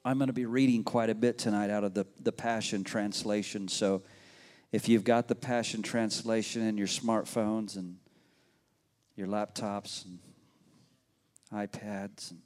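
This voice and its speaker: A man's voice: on the low side, flat delivery, unhurried, a little mellow. Man preaching in a reverberant church hall. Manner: conversational, folksy, addresses the congregation directly. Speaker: pastor. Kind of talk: sermon with storytelling. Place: church sanctuary.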